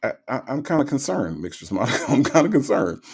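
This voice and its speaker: Guy hosting a live stream, chatty and teasing, gravelly and all over the place pitch-wise. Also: fast. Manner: animated, playful, teasing. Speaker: livestream host. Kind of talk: casual chat reading viewer comments.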